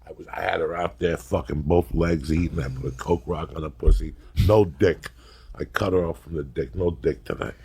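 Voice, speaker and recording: A man's voice: low voice, fairly even intonation, normal speed, vocal fry, warm tone, slightly rough. A middle-aged man hosting a podcast, telling rambling, profane stories and laughing often as he goes. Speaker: podcast host. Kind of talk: casual podcast storytelling.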